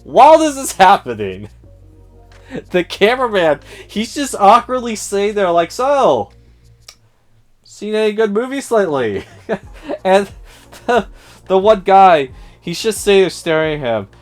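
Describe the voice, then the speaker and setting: A man's voice: high-pitched, very animated, unhurried, faint music behind. A man giving a casual spoiler review of a film, sarcastic and profane, often mimicking the characters in a raised voice.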